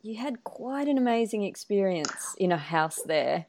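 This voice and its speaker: A woman's voice: medium pitch, big pitch swings, normal speed, darkish tone, slight background noise. A woman interviewing a guest, encouraging her with short reactions and follow-up questions. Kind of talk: interview, casual chat.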